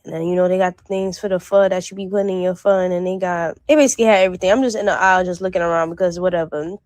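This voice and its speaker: A young woman from the North Miami area talking in a casual shopping vlog, excitable and slangy as she rambles through a list. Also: fairly low pitch, rapid-fire, dry recording. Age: young adult. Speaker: vlogger.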